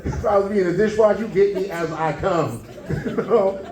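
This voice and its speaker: A man's voice: high-pitched, normal speed, a little mellow. A man performing a stand-up comedy set, telling stories and acting out the people in them. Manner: storytelling, acting out characters. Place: comedy club stage with live audience. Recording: roomy, distant room recording with crowd laughter.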